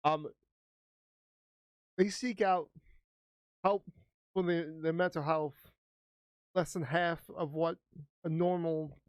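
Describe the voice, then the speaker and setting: Earnest young man, higher voice. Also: fairly even intonation, slow, long pauses, smooth, no echo. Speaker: podcast co-host. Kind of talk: casual podcast chat.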